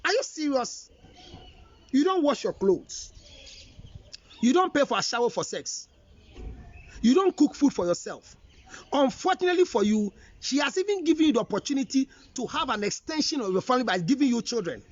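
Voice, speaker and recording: A man with a Ghanaian accent and a very high, expressive voice that swoops up and down as he lectures. He scolds and presses with pointed questions, a relationship counselor on a dull, lo-fi recording. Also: normal speed, pauses often. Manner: emphatic, scolding, rhetorical questions. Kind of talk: counseling talk mixing English and Twi.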